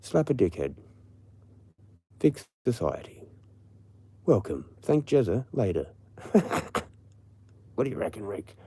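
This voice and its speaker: A man's voice: lowish voice, very animated, takes it slowly, pauses often, warm tone, breathy edge. A man with an Australian accent, ranting casually and profanely on a late-night livestream. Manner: profane, rambling. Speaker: livestream host.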